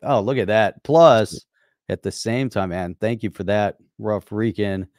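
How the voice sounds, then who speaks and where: A man's voice: lowish voice, measured pace, a little mellow, dry recording. A man from the United States co-hosting a live podcast stream, easygoing and often laughing. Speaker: podcast co-host. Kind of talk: casual live-stream chat.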